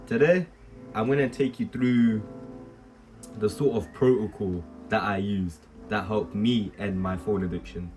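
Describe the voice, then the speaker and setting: A young man talking candidly to camera as a self-improvement vlogger, swearing and laughing at himself. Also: on the low side. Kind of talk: casual talk to camera.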